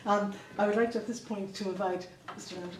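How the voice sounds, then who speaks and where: A woman's voice: mid-range voice, steady tone. A woman hosting the event, politely announcing the next speaker to the podium. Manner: brisk, polite introduction. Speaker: event host. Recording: echoey room, distant, crowd behind.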